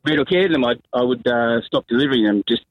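A man's voice: medium pitch, fast talker, no room sound, highs cut off. A man with an Australian accent calling a radio show, telling a story hesitantly with many fillers. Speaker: caller. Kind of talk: phone-in anecdote.

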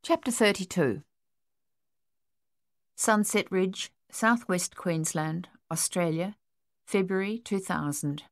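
A woman narrating a novel in a measured, steady way. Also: lowish voice, no echo, clean studio sound. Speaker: audiobook narrator. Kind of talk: scripted narration.

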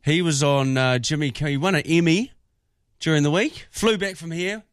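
A man's voice: fairly high pitch, moderate pace, smooth, no echo, clean studio sound. A male radio co-host with a New Zealand accent, joking and telling stories on a breakfast show. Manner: animated, joking.

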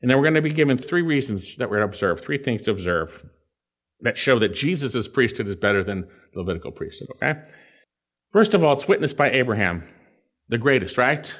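A man's voice: medium pitch, lively intonation, a little fast, fairly bright tone. A man preaching an expository sermon, teaching verse by verse and checking in with his listeners. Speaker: pastor.

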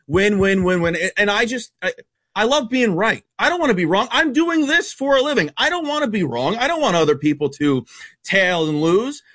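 A man as a sports betting analyst guest on a radio show, rattling off stats in a blunt, animated way. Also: extremely high pitch, no room sound. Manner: fast, blunt, stat-heavy, animated. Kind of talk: casual radio sports talk.

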